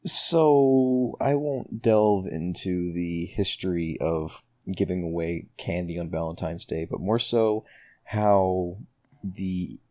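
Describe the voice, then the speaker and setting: A young man with a fairly low voice chats on a podcast. He talks hesitantly, with lots of ums and uhs, and keeps a relaxed, easygoing tone. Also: slow pace. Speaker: podcast co-host. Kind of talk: casual chat.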